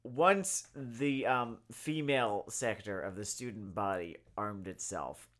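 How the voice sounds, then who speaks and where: A tipsy man co-hosting a casual review chat, talking in a halting, hesitant way. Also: lowish voice, a bit bright. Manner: halting, hesitant, full of ums. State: tipsy from drinking. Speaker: podcast co-host.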